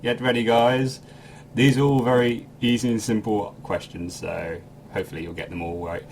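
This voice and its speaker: A man's voice: on the low side, little pitch movement, moderate pace, slight background noise. A man hosting a quiz on a casual podcast, rambling and self-deprecating, laughing often. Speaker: quiz host.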